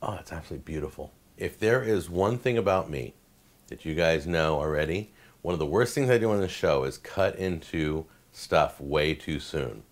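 A deep-voiced man hosts a home cooking demonstration in his kitchen. He gushes over the food in a casual, chatty way and stammers and repeats himself when excited. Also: moderate pace. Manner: enthusiastic, gushing over food. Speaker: cooking show host.

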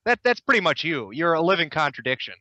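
A young man with a fairly high, lively voice that rises and falls as he mocks a video with sarcastic, deadpan jabs. His tone is bright and the sound is dry and close. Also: fast talker, dry recording, dull audio. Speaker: commentator mocking a video. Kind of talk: sarcastic commentary over a clip.

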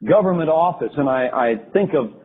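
A man telling a first-person account of a vision, halting and restarting as he goes. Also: fairly high pitch, lively intonation. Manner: halting, with frequent restarts and fillers. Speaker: storyteller recounting a religious vision. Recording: tinny phone-like lo-fi recording.

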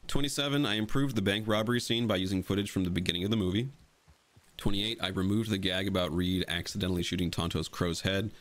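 A young man with a low voice and fairly even intonation talks at a quick pace. He's the creator of a fan edit of a film, explaining it in blunt, casual voice-over commentary peppered with free swearing.

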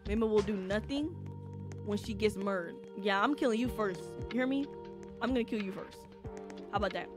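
Shrieking excitable woman streamer. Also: fairly high pitch, brisk. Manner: excitable, shrieks and yells when scared; chatty with chat, many fillers. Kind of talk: live-streamed gameplay chat. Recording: game music behind voice.

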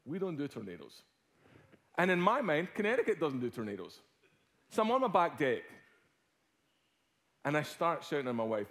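Animated Scottish man preaching. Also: mid-range voice, moderate pace, pauses often. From Scotland. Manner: animated storytelling, swinging from hushed to loud. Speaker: guest preacher. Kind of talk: sermon with personal story.

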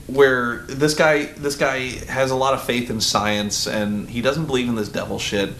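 A man vlogging about a movie in a rambling, excitable way, full of fillers and sudden high-pitched quoted reactions. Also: slight background noise. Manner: excitable, rambling, many "like" fillers, big pitch jumps when quoting. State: groggy, just woken. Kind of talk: rambling movie review vlog.

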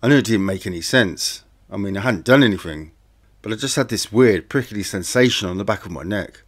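A man tells a true-crime story in the first person. His voice sits a little low, and he keeps the telling plain and conversational. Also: fairly quick. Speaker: audiobook narrator.

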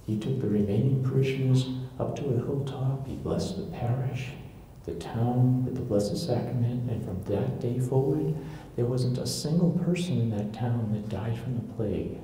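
At a moderate pace, a church history lecturer with a warm, medium-pitched voice retells stories to a live local audience and dramatizes the quoted voices. The room sounds very echoey, with a little faint noise.

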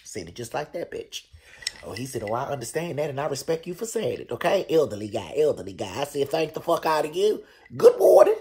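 A man hosting a show, telling a story casually in a profane, animated way. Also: fast talker, a little hiss or hum. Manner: animated, profane storytelling with loud, high bursts. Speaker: show host.

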